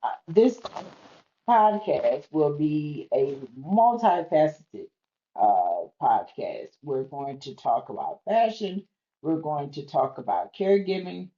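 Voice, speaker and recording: A woman's voice: slow pace, highs cut off. A middle-aged woman hosting her own podcast, talking openly and earnestly, her voice strained by lung disease and sometimes dropping near a whisper. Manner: expressive, open and earnest, pitch swinging high and low. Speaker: podcast host. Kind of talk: personal podcast monologue.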